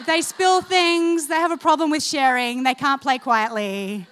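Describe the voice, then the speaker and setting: A woman's voice: sits high, unhurried. A woman preaching a sermon, telling funny stories, laughing along and calling on the congregation to respond. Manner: animated, humorous, laughing through stories. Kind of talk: sermon with storytelling.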